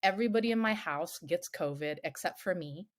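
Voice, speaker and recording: A middle-aged woman telling a personal story as a podcast guest, animated, swearing freely and acting out other people's voices. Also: lowish voice, fairly quick. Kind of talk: candid storytelling.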